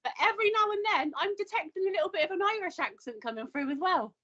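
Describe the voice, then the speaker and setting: A woman's voice: very high-pitched, animated, fast talker, bright, forceful tone. A woman hosting an interview, eager and effusive in her questions. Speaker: interview host. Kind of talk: casual interview chat. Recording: dull lo-fi recording.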